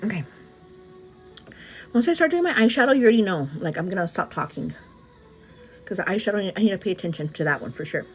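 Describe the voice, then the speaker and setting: A woman's voice: medium pitch, lively intonation, faint music behind. A woman in her thirties chatting casually with a livestream audience while doing her makeup, talking openly in a friendly, rambling way. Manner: chatty, says "girl" often, quick asides. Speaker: vlogger answering live chat.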